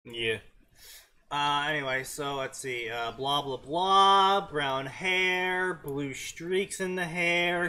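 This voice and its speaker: A man's voice: a little high, steady tone, takes it slowly, sharp tone. Dry, sarcastic male co-host. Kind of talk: casual comedic commentary.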